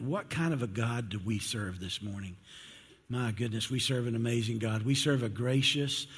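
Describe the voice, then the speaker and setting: A male pastor with a husky, breathy voice delivers a conversational sermon, putting questions to his congregation and tripping over repeated words. His voice rings out in a church hall with a long reverb. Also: medium pitch. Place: church sanctuary.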